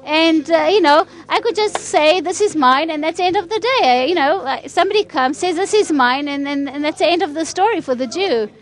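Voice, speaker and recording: High-voiced woman giving a conference speech. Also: expressive, brisk, hardly any pauses. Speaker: conference speaker. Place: conference hall.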